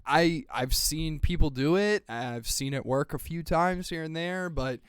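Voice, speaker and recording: A man's voice: on the high side, measured pace, smooth, no echo, clean studio sound. A man hosting a podcast stream, chatting casually and rambling with lots of filler words and swearing. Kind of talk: casual chat.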